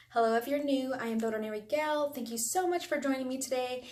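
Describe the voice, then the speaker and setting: A woman's voice: high-pitched, fast talker, hardly any pauses, darkish tone. A woman vlogger chatting casually and gushing over items in a haul video, recorded on a camera mic at home. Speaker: beauty vlogger. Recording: echoey room, faint noise.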